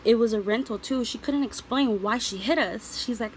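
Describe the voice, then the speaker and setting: A woman's voice: fairly high pitch, moderate pace, few pauses, slight background noise, low-quality recording. A young woman vlogger answering viewer questions, telling a personal story in an earnest, emotional way with many ums and you-knows.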